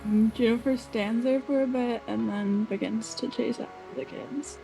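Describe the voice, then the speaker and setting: A woman playing in a tabletop role-playing game, casual and unhurried, often saying "like". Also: on the high side, fairly even intonation, vocal fry, warm tone, faint music behind, poor audio. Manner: slow, casual, says "like" often. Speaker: player.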